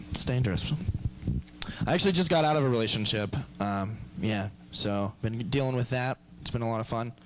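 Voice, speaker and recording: A man's voice: mid-range voice, background noise. A young man doing a stand-up comedy set, rambling and crude with self-deprecating asides.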